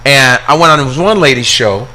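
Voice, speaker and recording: A man's voice: medium pitch, expressive, fairly quick, sharp tone. A man telling a story on a podcast in a casual, profane, ranting way. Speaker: guest comedian.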